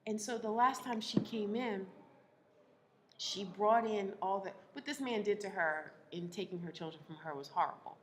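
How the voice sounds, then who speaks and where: A woman relationship coach speaking to a live audience, animated, laughing often and acting out the people she quotes. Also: medium pitch, normal speed, a little hiss or hum.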